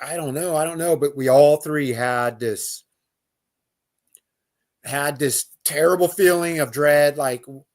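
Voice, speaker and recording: A man telling a personal outdoor story as a guest, in loose casual speech with fillers, restarts and imitated animal calls. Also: medium pitch. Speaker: guest recounting an outdoor encounter.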